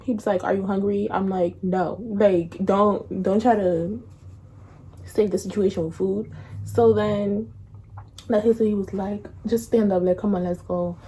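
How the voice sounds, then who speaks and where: A young woman tells a breakup story in casual slang, laughing often and acting out quotes in a higher voice. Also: steady tone, measured pace, dark tone, slightly rough. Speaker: vlogger.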